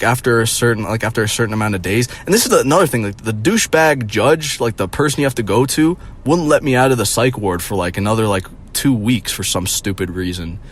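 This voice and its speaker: A man's voice: mid-range voice, breathy edge. A young man ranting casually to his viewers, rambling with lots of fillers and swearing. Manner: rambling, profane, heavy on "like". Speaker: vlogger. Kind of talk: casual vlog rant.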